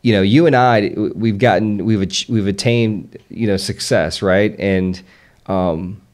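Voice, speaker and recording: A man's voice: on the low side, unhurried, a little mellow. A man in his thirties from the Southern United States with a faint Southern accent, a podcast guest talking earnestly with frequent restarts. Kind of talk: casual conversation.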